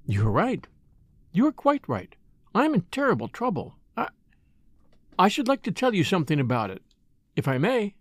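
A man's voice: high-pitched, wildly swooping pitch, normal speed, pauses often, no room sound, full character voice. A man voicing Ruth, an eager, troubled rich woman. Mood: distressed. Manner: eager, pleading. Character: wealthy, spoiled young woman, restless and distressed.

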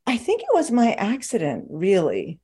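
A woman's voice: mid-range voice, moderate pace, slightly rough. A woman, a podcast guest and author, chatting casually and telling stories with frequent laughter. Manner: lively storyteller who laughs often. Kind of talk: casual interview chat.

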